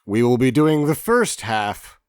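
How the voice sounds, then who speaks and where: Male podcast co-host, deadpan, swooping pitch, dry close sound. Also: unhurried, smooth, no echo. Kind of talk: casual chat.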